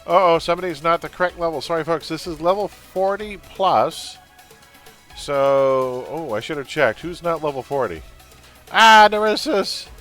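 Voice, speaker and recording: This gamer streams a superhero title and talks to his viewers and teammates in a casual, blunt, chatty way, blowing off steam with laughs. His voice is a little high and fairly bright.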